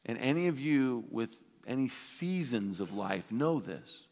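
A man preaching a sermon as pastor, animated and playful, acting out everyday voices for laughs. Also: mid-range voice, unhurried, in a large hall. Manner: animated, acts out voices of toddlers and parents for laughs.

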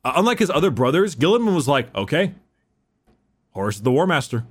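A man's voice: a little high, very animated, fairly quick, breathy edge. A man hosting a casual podcast chat, rambling through lore explanations with fillers, restarts and casual swearing.

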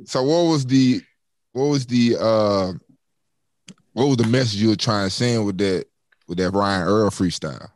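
A man hosting a casual interview, asking questions in slang and dropping quick replies. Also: on the low side, a little mellow. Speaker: interview host.

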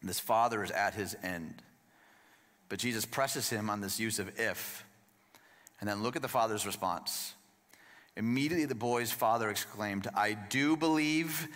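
Conversational male preacher in a reverberant hall. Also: lowish voice. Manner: conversational, emphatic, swings between hushed and lively. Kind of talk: sermon. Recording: long reverb of a large room.

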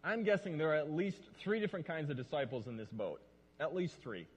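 A male pastor preaching a lively sermon and acting out lines. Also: a little high, fairly quick, slightly rough. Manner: animated, acts out lines. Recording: long reverb of a large hall.

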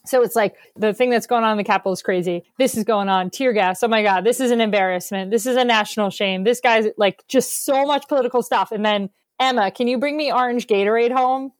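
A woman's voice: mid-range voice, no room sound. Female comic co-host, chatty rambler, dry close recording. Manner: rambling, quick comic asides. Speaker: podcast co-host. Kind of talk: comedic casual chat over video call.

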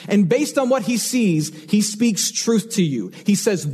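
A male pastor preaches in an earnest, emphatic way, leaning on repeated phrases. His voice sits fairly high for a man and has a husky, slightly breathy edge. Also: big pitch swings, measured pace, hardly any pauses, a little mellow. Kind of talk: sermon.

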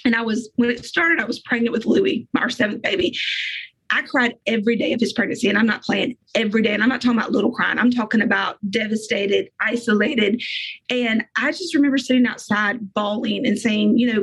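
Middle-aged woman guest, husky, rather high voice, earnest faith testimony. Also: poor audio. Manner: earnest, emotional, fast bursts of speech.

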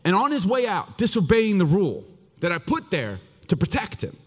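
A middle-aged man preaching a sermon to his congregation, swinging between loud, animated stretches and hushed passages. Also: high-pitched, normal speed, breathy edge. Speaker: pastor. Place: large church hall. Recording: long hall reverb.

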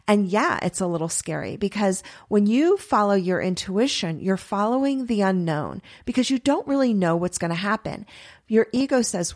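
A middle-aged woman giving a chatty, earnest spiritual talk, laughing often and voicing her inner thoughts in quick asides. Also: medium pitch, lively intonation, darkish tone. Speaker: spiritual teacher. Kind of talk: spiritual teaching monologue.

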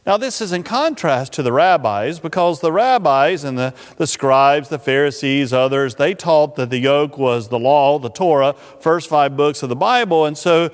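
A man preaching a sermon in a church sanctuary, earnest and unhurried, often slowing and softening his voice. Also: on the high side. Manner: earnest, unhurried preaching that drops soft and slow when voicing invitations. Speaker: pastor. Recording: long reverb of a church hall.

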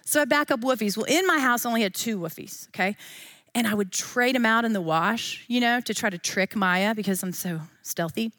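A woman's voice: fairly high pitch, brisk, fairly bright tone, no echo. Woman in her 40s, Bible study teacher, chatty and playful, dry close sound. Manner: chatty and playful, with frequent asides.

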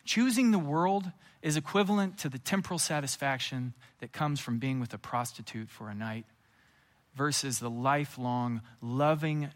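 A man preaching a sermon as a pastor. He tells Bible stories in a lively, casual way, with quick asides and acted-out scenes. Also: mid-range voice.

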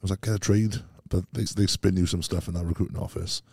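Fast-talking deep-voiced Welsh man. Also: steady tone, creaky, a little mellow, breathy edge, no room sound, clean studio sound. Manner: rambling, laughs often, British slang. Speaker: podcast guest. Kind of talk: casual chat.

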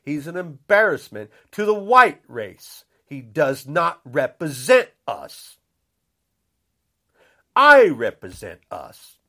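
An older man rants in an angry, indignant tone, circling back to his points again and again. His voice sits high and leaps up and down as he talks. He takes his time, dragging the words out slowly. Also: wildly swooping pitch, bright, forceful tone. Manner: indignant, repetitive, blunt. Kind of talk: angry political rant.

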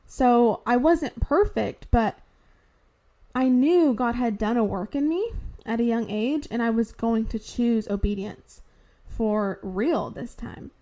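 A young woman with a slightly raised voice speaks slowly and deliberately, sharing her faith testimony. She sounds earnest and heartfelt, holding back tears as she goes. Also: on the high side, warm tone. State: tearful, fighting back tears. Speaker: podcast host sharing testimony.

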